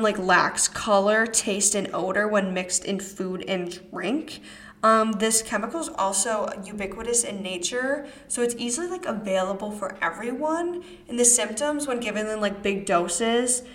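A woman's voice: mid-range voice, a bit bright, echoey room. A young woman from Wisconsin with a Midwestern American accent, hosting a casual true-crime podcast with many fillers and offhand asides. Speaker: podcast host.

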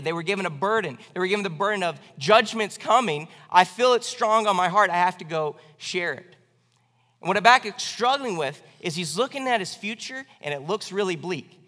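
A man's voice: sits high, pushed and bright. A male pastor preaching a sermon with earnest emphasis, lifting his voice on the strongest lines. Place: church sanctuary. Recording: church hall reverb.

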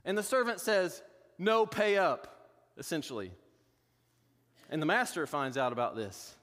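A man's voice: on the high side, sing-song, moderate pace, fairly bright tone, in a large hall. A man pastor preaching a sermon in a conversational way, with joking asides.

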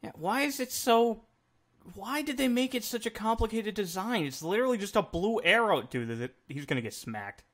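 A man's voice: high-pitched, expressive, fairly quick, fairly bright tone. A young man hosting a casual movie reaction, swearing and joking with a friend. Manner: profane, joking, laughs often. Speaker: host watching a movie with a friend.

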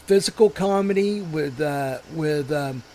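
Rambling man with a slightly high voice. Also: a little slow, mellow, slight background noise. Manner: rambling, swears, quotes movie lines in funny voices. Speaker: podcast co-host. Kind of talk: casual banter.

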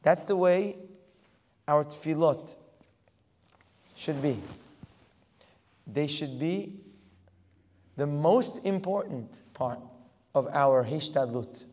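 A man giving a religious lecture as a Torah teacher, firing off rhetorical questions and building to forceful emphasis. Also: fairly high pitch, slow, long pauses. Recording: long hall reverb.

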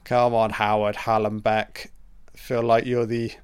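A man's voice: on the low side, level tone, measured pace, clean tone, no echo. A man giving a casual film commentary, crude and sarcastic, swearing often as he reacts to the movie. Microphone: home mic, audio only.

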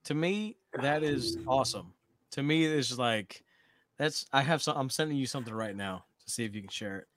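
A middle-aged man co-hosting a podcast, telling profane, animated stories in casual chat. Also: mid-range voice, moderate pace. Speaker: podcast co-host.

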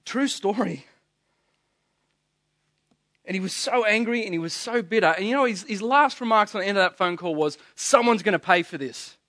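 A man's voice: high-pitched, moderate pace, pauses often, bright, forceful tone, no room sound, clean studio sound. A man preaching a sermon, telling stories earnestly and often restarting his words. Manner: earnest storytelling, stammering restarts. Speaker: pastor.

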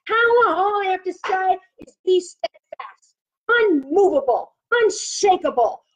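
A woman's voice: very high-pitched, sing-song, unhurried. A woman preaching a sermon and praying, emphatic and repeating phrases for effect. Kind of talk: sermon with prophetic prayer. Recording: muffled lo-fi audio.

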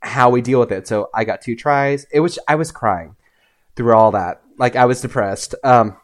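A young man, a podcast guest, telling personal stories in a casual, animated way, often acting out what others said. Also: mid-range voice, normal speed. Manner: animated, acts out voices in his anecdotes. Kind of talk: casual storytelling.

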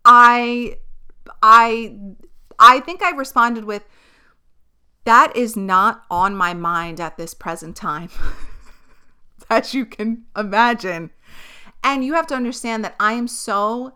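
This young woman's medium-pitched voice is bright, forceful, clear and resonant as she hosts her podcast. She recounts a personal story in a casual monologue, candid and exasperated, laughing and cursing often.

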